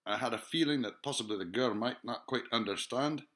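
Brisk and fairly bright, a medium-pitched male voice wanders through a profane, rambling monologue. He hesitates often, fills gaps with filler sounds, drifts off topic in a musing way, and asks rhetorical questions.

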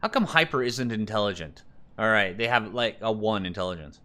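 A man's voice: lowish voice, animated, a little fast, sharp tone. A man casually commenting on a survival game while picking options and reading the screen text aloud. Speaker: let's play gamer.

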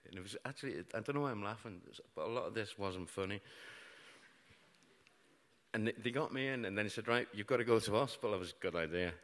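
Deep-voiced British man telling a story on stage. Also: animated, a little fast, pauses often, fairly bright tone. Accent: British English. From Britain. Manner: wry, self-mocking humour about grim events. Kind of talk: live storytelling talk. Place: large hall before an audience. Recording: live hall with long reverb.

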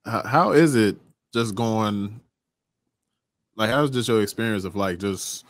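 Podcast host, man, mid-pitch, rambling questions, dry close sound. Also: unhurried, no echo. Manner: rambling, hesitant questions full of fillers. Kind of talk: casual interview.

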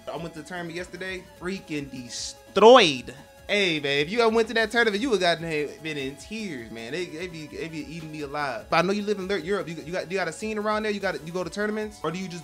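A young man chatters through a live fighting-game stream, excitable and quick to call himself out. His voice sits high, and faint game music plays underneath. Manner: excitable, self-deprecating, swears mildly. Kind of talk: casual gaming commentary.

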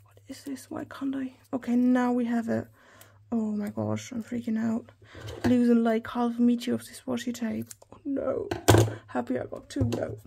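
A woman in her thirties chatting through an unboxing haul, gushing and excitable, often talking straight to her viewers. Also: a little high, vocal fry, slight background noise. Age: 30s. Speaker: planner hobby vlogger.

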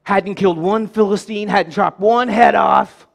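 A male preacher with a strikingly high voice delivers a sermon in church. He leads the congregation in call-and-response and slips in playful joking asides between his points. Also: fairly even intonation, measured pace, creaky.

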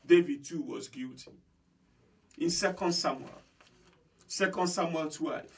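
A man's voice: a little high, recorded from a distance. A man preaching a sermon as pastor. He is fervent, repeats phrases for emphasis and speaks straight to his listeners. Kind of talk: impassioned sermon.

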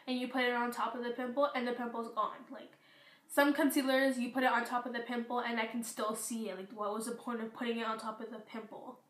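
A teenage girl chatting through a beauty product review, rambling with fillers, her voice going hoarse. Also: fairly high pitch, a bit bright, echoey room. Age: teens. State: losing her voice. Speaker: beauty vlogger. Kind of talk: casual product review vlog.

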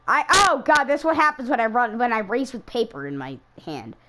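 A woman's voice: a little high, very animated, a little fast, pushed and bright. A woman giving casual, self-mocking running commentary while she plays a racing game, exclaiming whenever cars crash. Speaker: gaming YouTuber racing in an online league.

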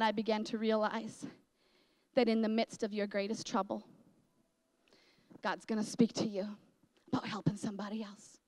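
A woman pastor preaching a sermon, telling a personal story with dramatic emotional swings. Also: fairly high pitch. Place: large church hall. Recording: echoey church hall.

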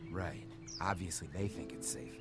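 Actor playing a deep-voiced eager survivor. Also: male voice, normal speed, music in the background, natural voice. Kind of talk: video game voice acting.

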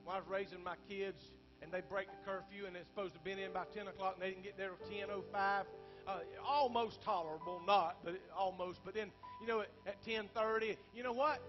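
Middle-aged preacher guy, really high voice, loud then quiet, muffled lo-fi church recording. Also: steady tone, fairly quick, over music. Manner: fervent preaching, swinging between loud bursts and quiet asides, rhetorical "Huh?". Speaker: senior pastor and bishop. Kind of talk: sermon. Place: church sanctuary. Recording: dull lo-fi sermon recording.

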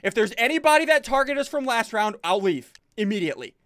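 A man in his twenties hosting gameplay commentary with friends, excitable and repeating quick callouts. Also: extremely high pitch, no echo. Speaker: gaming channel host.

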